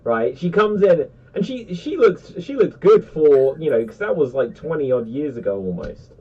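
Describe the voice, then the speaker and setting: A man chatting casually on a pop-culture panel, rambling and animated with lots of fillers. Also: a little high, moderate pace, slightly rough. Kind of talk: casual chat. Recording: distant dull lo-fi mic.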